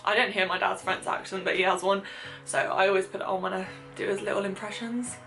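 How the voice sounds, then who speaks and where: A woman's voice: mid-range voice, steady tone, fast, fairly bright tone, soft background music. A young British woman talking candidly in a casual vlog, chatty with many fillers, swearing and self-mocking asides. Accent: British English. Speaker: vlogger. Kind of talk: casual confessional chat.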